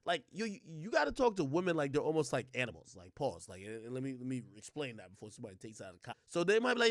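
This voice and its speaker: A young man ranting profanely on a livestream, talking fast and loose and slipping into mocking voices. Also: on the high side, lively intonation, dry recording, studio quality. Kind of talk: heated livestream rant.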